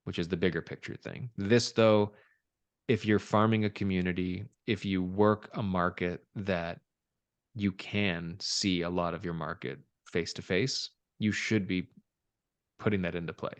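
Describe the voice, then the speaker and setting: Low-voiced joking man co-host. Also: steady tone, unhurried, no room sound. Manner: joking, self-deprecating. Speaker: podcast co-host, realtor. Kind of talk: casual chat.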